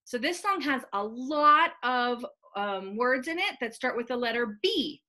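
Bright, high-voiced woman leading a children's sing-along. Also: lively intonation, a little slow. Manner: cheerful and encouraging, singing with a shaker. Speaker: children's music leader. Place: library.

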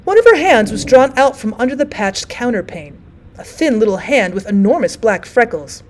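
A woman teacher reading a short story aloud in an expressive audiobook narration. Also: a little high, normal speed.

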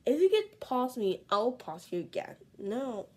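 A woman vlogging in casual, excitable chatter, pleading and dropping into whispers. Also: a little high, unhurried, breathy edge, low-quality recording.

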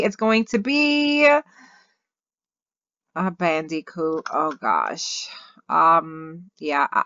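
A woman hosting her own gaming video, commenting excitedly and gushing over cute things as she plays. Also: lowish voice, no room sound, dull audio. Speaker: gaming channel host.

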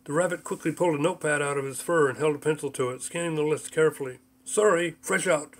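A man's voice: on the high side, fairly even intonation, very fast. A man reading his own book aloud as audiobook narration, with mild voice shifts for the characters.

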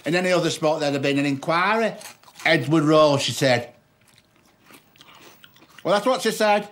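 An actor playing a gentle, lonely, very fat middle-aged man, soft-spoken and plain in a TV comedy-drama. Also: a little high, expressive, moderate pace. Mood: resigned. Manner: soft-spoken, plain, calls people love.

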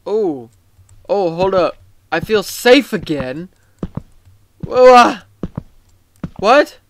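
A tired man giving casual, rambling gameplay commentary, excitable and swearing often. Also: high voice, extremely slow, slight background noise. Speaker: gaming YouTuber.

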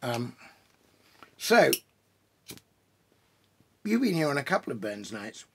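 A man's voice: medium pitch, big pitch swings, background noise. A man, a poet, chatting casually in his home study lined with books, rambling through digressions and restarts as he introduces poems. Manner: pausing for pipe and drinks while talking. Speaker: poet hosting a reading.

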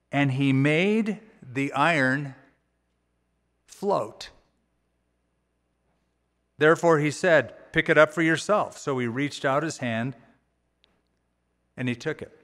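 A man preaches from the pulpit, casually retelling scripture and slipping into lively quoted voices. His voice sits a bit high. The sound rings with the long reverb of a church hall. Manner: conversational, folksy paraphrasing with animated quoted voices. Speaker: pastor. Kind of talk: sermon. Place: church auditorium.

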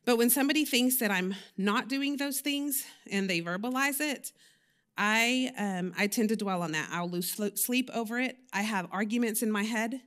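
A woman's voice: on the high side, moderate pace, fairly bright tone. A woman, giving a personal, conversational sermon in a church, candid and confessional, with frequent fillers and self-corrections. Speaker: lay preacher.

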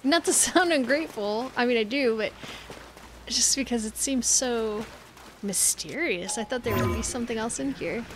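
A woman's voice: on the high side, moderate pace, slight background noise, low-quality recording. Chatty American woman streaming a game. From United States. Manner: chatty, self-deprecating, giggly asides. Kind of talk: casual gameplay commentary.

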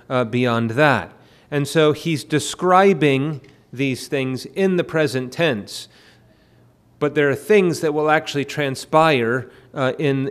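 A man preaching a sermon at a midweek prayer meeting, often pausing with fillers and repeated words. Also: medium pitch. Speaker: pastor. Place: church.

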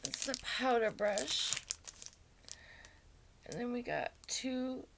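An emotional woman beauty vlogger, awestruck and close to tears, talking very slowly with a lively, rising and falling pitch and a gravelly edge. She often drops into a breathy half-whisper. The home recording is noisy, with packaging crinkling in the background. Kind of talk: emotional unboxing vlog.

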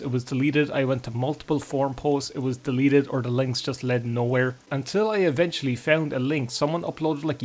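A man chatting and joking casually as he comments on a game he is playing. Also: medium pitch. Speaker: gaming YouTuber. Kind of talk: casual let's-play commentary.

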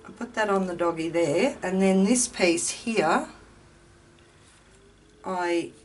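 A woman chats through her craft project, thinking aloud and poking gentle fun at herself. She talks at a slow, unhurried pace. The mic sits a little away from her, with a faint hum of a ceiling fan behind. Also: on the low side, distant mic. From Australia. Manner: chatty, self-deprecating, thinks aloud. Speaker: craft video host. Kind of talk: casual chat while crafting. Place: home craft room with ceiling fan running.

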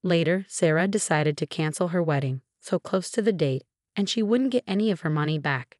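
A woman narrating a first-person family drama story in a scripted, even and measured way. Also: fairly low pitch, dry recording, clean studio sound.

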